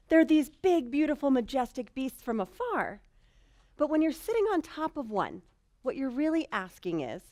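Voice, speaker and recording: A woman telling a personal story in a talk, animated and self-mocking, swinging between hushed lines and loud bursts. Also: high-pitched. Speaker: speaker.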